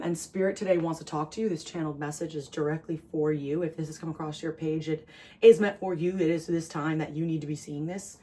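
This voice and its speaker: Low-voiced woman giving a rambling tarot reading. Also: warm tone. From New Jersey. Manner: earnest and rambling, many fillers and restarts. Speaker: tarot reader.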